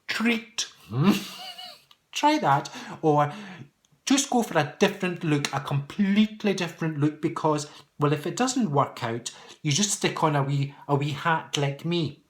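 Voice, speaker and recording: A middle-aged man answering viewer questions in a casual vlog, chatty and playful, laughing often and teasing his viewers. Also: on the high side.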